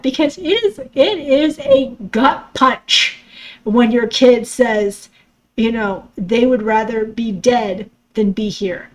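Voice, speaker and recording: A middle-aged woman with a stuffy nose talks through a raw, emotional personal monologue as a podcast host. She swears freely and acts out what she thought in the moment. Her voice sits a little high. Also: takes it slowly, low-quality recording.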